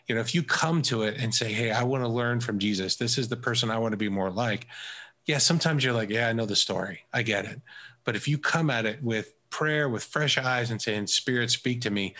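A man who leads a faith community, telling stories in a casual conversation and acting out quoted dialogue. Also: mid-range voice. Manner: animated storyteller who acts out quoted dialogue. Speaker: faith community leader and residency coach.

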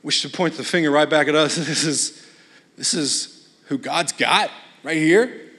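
A man's voice: fairly high pitch, a little slow, sharp tone. A man who is a guest preacher, giving a sermon in a casual, blunt way with joking asides. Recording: long hall reverb.

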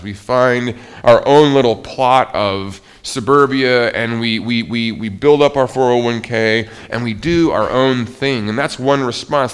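A man's voice: mid-range voice, a bit bright, clean tone. A male pastor preaching a sermon in a conversational way, often restarting his sentences. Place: church.

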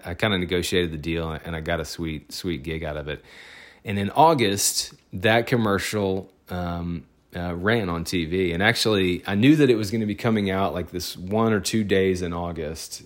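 A man, a photographer, telling a personal story in a casual, rambling, excitable way. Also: low voice.

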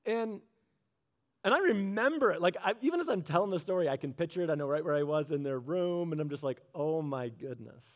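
A man preaching a sermon in a conversational way, asking the audience questions and slowing down low on key phrases. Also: animated.

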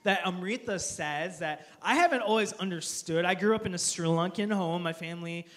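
Man, high-pitched voice, joking pastor, playful sermon, calls for amens. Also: normal speed. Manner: joking, playful, asks the crowd for applause and amens. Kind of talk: humorous sermon. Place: church auditorium with live audience.

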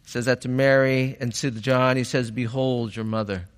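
A man preaching a sermon as pastor, reflective and measured, rising to fervent emphasis on key points. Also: medium pitch, steady tone, clear, resonant tone, big-room sound.

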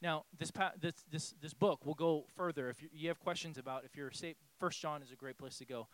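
A man preaching a sermon as pastor in a church, impassioned and pleading, swinging from hushed tones to shouting. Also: fairly high pitch, a little fast, dry recording. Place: church hall.

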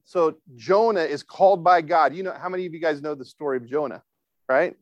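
A man's voice: a little high, fairly quick, no echo, muffled recording. Man preaching a casual sermon. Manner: asks the congregation for responses; informal, with frequent fillers and restarts. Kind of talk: conversational sermon.

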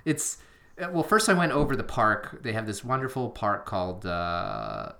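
A man's voice: mid-range voice, animated, normal speed, a bit bright. A man co-hosting a podcast, chatting casually in a rambling, self-deprecating way with lots of fillers. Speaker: podcast co-host. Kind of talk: casual chat.

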